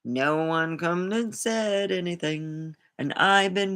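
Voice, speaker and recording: A woman's voice: fairly low pitch, takes it slowly, few pauses, a bit bright. A woman vlogger talking in a rambling, indignant way, swearing freely as she tells a personal story. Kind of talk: casual monologue to camera.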